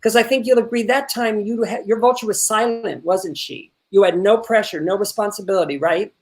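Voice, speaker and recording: A man teaching an online acting workshop. He is animated and repeats words when excited, and he swears casually while giving feedback. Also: sits high, brisk. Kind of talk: coaching an actor in an online workshop.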